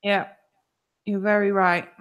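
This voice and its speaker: A woman co-hosting a relaxed chat over a video call. She speaks at a mid pitch and answers in short, dry replies. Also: slow. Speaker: co-host. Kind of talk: casual chat.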